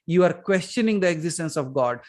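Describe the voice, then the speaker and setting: A man's voice: a little high, brisk. A man, a spiritual teacher answering questions in a call session and telling stories with rhetorical questions. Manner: animated storytelling, rhetorical questions.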